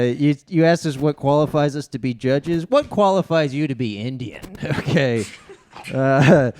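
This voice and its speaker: A man judging a comedy contest, roasting a contestant in a halting, filler-heavy delivery at a live venue. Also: mid-range voice, a little mellow, clear, resonant tone. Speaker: judge.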